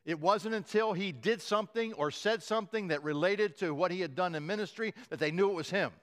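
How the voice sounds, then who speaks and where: A high-voiced male pastor delivers a sermon, narrating the story with frequent chuckles and giving the quoted lines animated voices.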